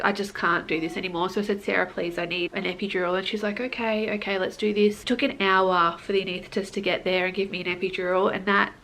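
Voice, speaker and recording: A woman's voice: mid-range voice, fairly bright tone. A young woman vlogger telling her story to camera in a casual, earnest way, full of likes and restarts.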